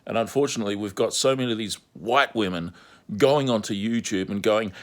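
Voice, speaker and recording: A man's voice: fairly low pitch, a little fast. A man delivering a repetitive, insistent monologue as an online commentator. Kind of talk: ranting monologue vlog.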